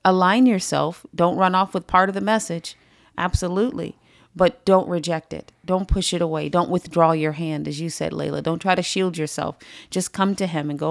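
A woman's voice: lowish voice, steady tone, normal speed, gravelly, dry recording, studio quality. A woman leading a Bible study, teaching emphatically and repeating phrases for stress.

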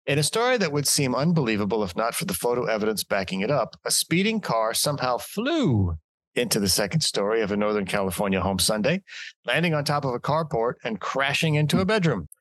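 Guy reading news on a podcast, middle pitch, jokes and swears as he goes, dead dry room. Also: very animated, a little fast, fairly bright tone, dry recording. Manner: reads articles aloud with jokey asides, swears casually. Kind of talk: casual chat and news reading.

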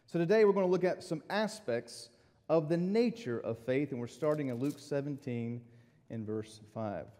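Mellow-voiced pastor preaching in a hall. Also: male voice, a little high, expressive, moderate pace. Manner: storytelling, conversational with the congregation. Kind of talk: sermon. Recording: long reverb of a large hall.

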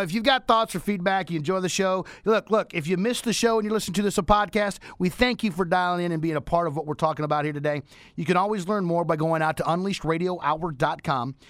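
Man, radio host, high voice, dry close sound, energetic and preachy. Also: no room sound. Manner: energetic, preachy motivational delivery. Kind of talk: upbeat radio show wrap-up and promotion.

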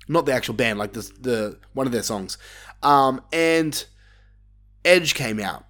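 A man talks through a wrestling show on his podcast in a loose, opinionated way, swearing freely. His voice sits at an ordinary middle pitch and jumps up when something excites him. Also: unhurried. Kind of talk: casual review monologue.

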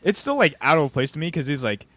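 A man's voice: a little high, sing-song, fast, a bit bright, dry recording. A young man co-hosting a casual movie review, with dry, wry remarks. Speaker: podcast co-host.

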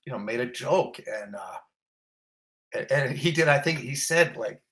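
A man telling a personal story in an interview, animated and emotional, gasping and exclaiming as he relives it, rambling with many restarts. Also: medium pitch, unhurried, slight background noise. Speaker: interview guest.

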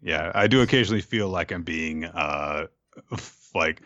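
A man co-hosting a podcast in casual chat, reading listener questions with relaxed, dry humor. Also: deep voice, unhurried, no echo. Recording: dull lo-fi mic, dry.

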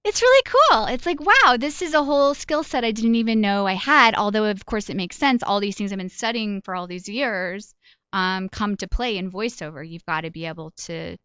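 A woman's voice: medium pitch, fairly bright tone, clean tone, no echo, highs cut off. A woman comedian and voice actor chatting in an interview, telling stories in a self-deprecating way with laughs along the way. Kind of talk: casual interview chat.

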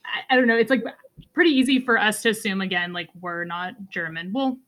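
A woman joins an easygoing podcast chat in an ordinary mid-range voice. She thinks out loud, hedges and fills her sentences with "like". Her delivery stays loose and conversational. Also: medium pitch, a little fast, a little hiss or hum. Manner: chatty, hedging, heavy use of "like".

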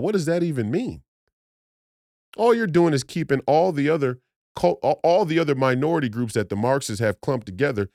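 A man's voice: medium pitch, darkish tone, no echo, clean studio sound. A man from Minnesota hosting a podcast, delivering an emphatic, preachy political monologue with many restarts and repeated phrases. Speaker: podcast host.

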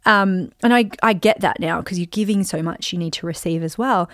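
A woman's voice: on the low side, brisk, no room sound, studio quality. A woman hosting her own show, telling a story in a chatty, rambling way with lots of "like" and "you know". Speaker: podcast host and speaker. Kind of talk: casual storytelling monologue.

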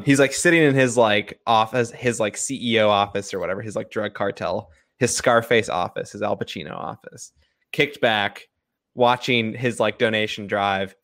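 A man's voice: on the low side, a bit bright, no echo, studio quality. A man co-hosting a casual film podcast, joking around in a loose way with many fillers. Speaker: podcast co-host.

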